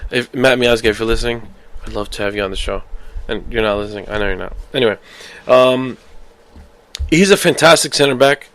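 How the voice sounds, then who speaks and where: A man hosting a casual solo soccer podcast, rambling and animated, flaring into heated outbursts. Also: medium pitch, no room sound. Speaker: podcast host.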